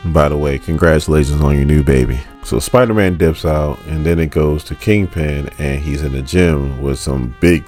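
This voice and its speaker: A man with a very deep voice chats his way through a comic book recap. He tells the story loosely and conversationally, with faint music underneath. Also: fairly even intonation, normal speed, hardly any pauses, darkish tone. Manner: chatty storytelling, acting out lines.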